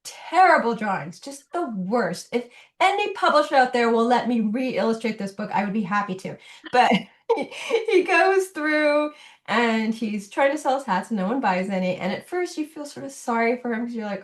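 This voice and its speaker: A middle-aged woman talks as a guest, slightly high in pitch. She tells stories in an animated way and laughs often. Her talk is casual. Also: normal speed. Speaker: children's book illustrator, guest. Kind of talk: casual interview chat.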